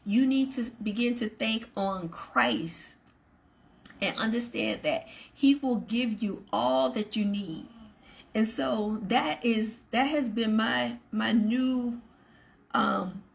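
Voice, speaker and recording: Speaking slowly in a gravelly, fairly high voice, a woman presents a faith program. Her devotional message to viewers is earnest, with emphatic repetition of her points and asides directed at the audience.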